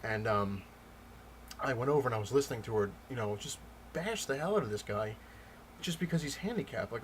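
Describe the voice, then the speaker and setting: A man vlogging about comics, telling a story in a loose, rambling way with many pauses and restarts. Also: medium pitch, expressive, slight background noise. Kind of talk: casual storytelling rant.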